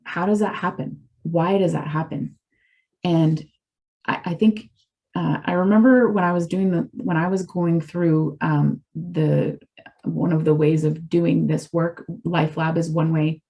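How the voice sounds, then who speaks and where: With a deep, gravelly, mellow voice and fairly even intonation, this middle-aged woman unhurriedly offers a candid personal testimony as a recovery community speaker. She is earnest and confessional and tends to ramble, and the audio is dull.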